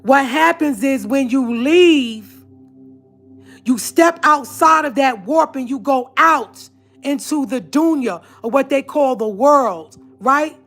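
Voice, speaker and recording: A woman's voice: high-pitched, slow pace, fairly bright tone, soft background music. A woman telling a personal story to her viewers, speaking in an earnest, emphatic way. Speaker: vlogger.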